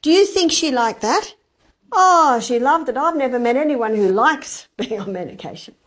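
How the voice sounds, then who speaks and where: A woman's voice: high-pitched, expressive, moderate pace, fairly bright tone. A woman giving a health lecture to a live audience, telling a story and asking the audience rhetorical questions. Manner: acts out quoted dialogue.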